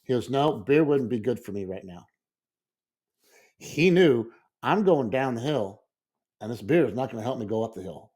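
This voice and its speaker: A man's voice: medium pitch, animated, moderate pace, pauses often, a little mellow, husky. A middle-aged man telling a rambling story in casual podcast chat, acting out the quotes. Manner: rambling, repeats words, acts out quotes. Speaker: podcast co-host.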